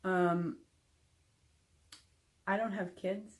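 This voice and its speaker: Slow-talking candid woman vlogger. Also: medium pitch, fairly even intonation. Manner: candid, frank, with frequent ums. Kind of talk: casual recovery update to camera.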